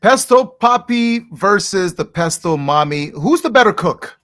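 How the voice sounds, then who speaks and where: A man's voice: sits high, lively intonation, unhurried, bright, forceful tone. A man hosting an interview, asking questions in an upbeat, casual way. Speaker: host.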